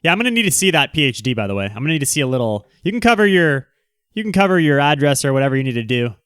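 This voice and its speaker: A man's voice: on the high side, very animated, racing, fairly bright tone, clear, resonant tone, no room sound, studio quality. Brash, teasing man hosting a live chat. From Southern California. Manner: brash, teasing, joking banter. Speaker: livestream host reading chat. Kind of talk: casual livestream chat.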